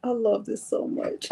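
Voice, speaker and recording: Speaking in a medium pitch with a dark tone, a woman hosts a live crafting stream. She talks straight to her viewers in a chatty, playful, self-deprecating way.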